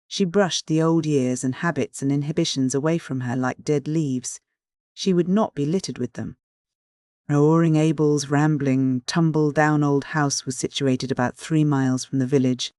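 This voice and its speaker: An audiobook narrator reading a classic novel in a measured storytelling manner. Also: medium pitch, a little mellow, no room sound, studio quality. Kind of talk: scripted narration.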